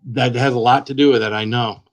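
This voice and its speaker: A man hosting a casual live stream, greeting viewers one by one by name in a relaxed, chatty way. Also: medium pitch, fairly quick.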